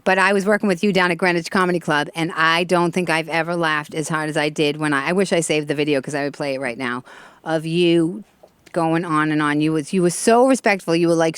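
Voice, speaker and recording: A woman hosting a talk show with an animated, chatty stand-up delivery, laughing often. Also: low voice, fairly quick, smooth, no room sound.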